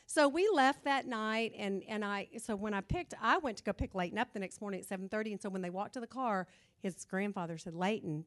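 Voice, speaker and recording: Animated woman telling a story. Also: on the high side. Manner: animated, acts out the voices in her stories. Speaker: speaker at a moms' group. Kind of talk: storytelling talk to an audience.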